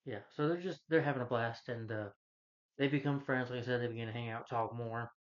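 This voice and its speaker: A movie reviewer with a mid-range voice gives a casual, rambling plot recap at a fairly quick pace, with many restarts and "you know" fillers. The recording is dull and lo-fi.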